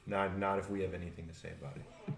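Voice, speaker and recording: A man's voice: sits low, flat delivery, fast, roomy sound, background noise. A man playing in a tabletop game, casual and defiant, often stammering and repeating words. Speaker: player. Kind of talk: tabletop game role-play.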